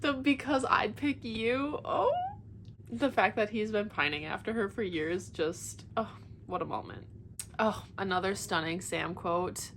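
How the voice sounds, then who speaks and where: A young woman's lowish, creaky voice comes through a little slowly as she excitedly talks about a book series she's rereading and reads bits aloud. She uses many fillers, especially "like," over faint hiss or hum.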